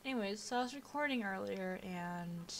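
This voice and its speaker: Expressive and medium in pitch, a young woman speaks at a moderate pace while narrating a video game playthrough on her home computer mic. Her commentary is casual and chatty, drifting easily and full of filler words.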